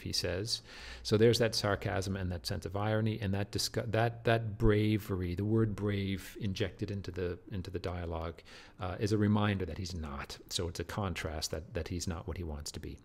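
Emphatic, lower-pitched male literature teacher. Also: fairly even intonation, normal speed. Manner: emphatic, with many restarts and "do you see?" asides. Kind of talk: explanatory lecture.

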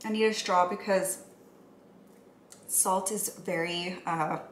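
A woman casually chatting through a home cocktail how-to, relaxed and full of ums and likes. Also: on the low side, slow, roomy sound, a little hiss or hum.

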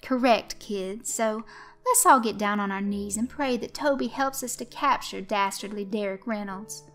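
A woman voicing a showy male host of a children's stage show, coaxing and shouting to the kids. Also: mid-range voice, normal speed, faint music behind, close to an everyday voice. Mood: hammy. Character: loud jovial male kids' show host.

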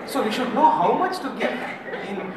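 Indian English male workshop leader, light humor, high voice, distant in a reverberant hall. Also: lively intonation, normal speed, crowd noise. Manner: explains with gentle humor, mixes in Hindi. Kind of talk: teaching talk with sung examples. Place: large echoey hall. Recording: echoey hall from far off, music behind.

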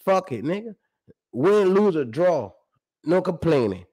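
Animated, slangy man breaking down stats. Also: fairly high pitch, unhurried. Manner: animated, slangy and profane, reciting stats with emphatic repeats. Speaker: sports show host. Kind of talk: casual sports commentary.

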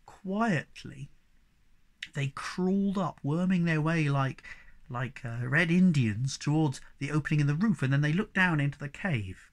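A reader narrating a children's book aloud in an expressive, varied storytelling manner. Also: medium pitch, measured pace.

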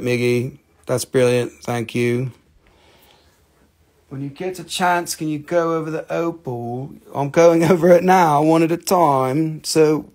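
A man with a mid-range, darkish voice runs a laid-back live sales stream for minerals. Showing off stones, he cracks jokes, makes fun of himself and swears casually.

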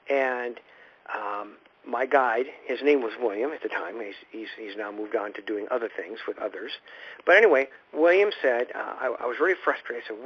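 A man hosting a spiritual radio program, teaching in an informal, rambling way and often repeating words as he restarts his thoughts. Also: mid-range voice. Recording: dull lo-fi radio recording.

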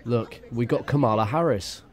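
A man giving crude, mocking reaction commentary with deadpan asides. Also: medium pitch, moderate pace. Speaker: YouTube commentator.

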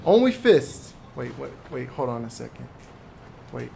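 A man voicing a brash, hotheaded male cartoon character who taunts and yells at rivals while playing through a live game stream. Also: medium pitch, sing-song, creaky, background noise, pitched below the performer's own voice, heavily acted. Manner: swaggering, taunting, quick to yell. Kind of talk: voiced live gameplay stream.

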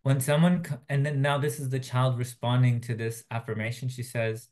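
Soft-spoken male chaplain giving a sermon. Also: medium pitch, steady tone, moderate pace, hardly any pauses. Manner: soft-spoken, hesitant, reflective with fillers. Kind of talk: Friday sermon, retelling a phone call.

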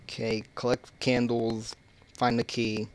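Jumpy, slow-talking man doing game commentary. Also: medium pitch, monotone, a little hiss or hum. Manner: casual, joking and cursing, jumpy, bursting into loud yelps. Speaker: gaming channel host. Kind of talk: horror game let's play commentary.

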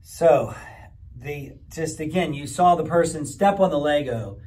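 Gentle pastor speaking to children. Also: male voice, fairly high pitch, measured pace. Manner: gentle, rambling explanation to children. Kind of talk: children's camp teaching. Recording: mic from far off.

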